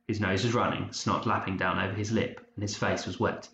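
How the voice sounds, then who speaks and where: A man reads an audiobook in a low, measured voice with even storytelling. The recording sounds dull and roomy, with a faint hiss behind it. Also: vocal fry. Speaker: narrator. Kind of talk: audiobook narration.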